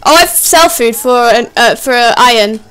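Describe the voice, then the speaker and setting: A woman playing alongside the streamer, speaking in a slow, mumbling way. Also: on the high side, a bit bright, clear, resonant tone. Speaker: fellow player. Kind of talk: casual gaming chat.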